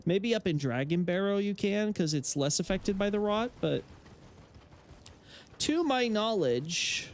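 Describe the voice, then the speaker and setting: Rambling opinionated gamer man, higher voice. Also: expressive, unhurried, a little hiss or hum. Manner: rambling, frequent fillers and restarts, opinionated. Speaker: gaming lore streamer. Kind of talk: casual live-stream chat while playing.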